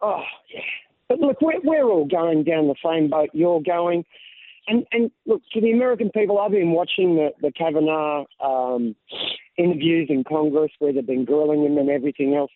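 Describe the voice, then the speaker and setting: A man's voice: a little high, animated, normal speed. A man from Australia with an Australian accent, calling in to a radio show and chatting casually. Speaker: caller. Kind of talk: casual call-in chat. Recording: phone line.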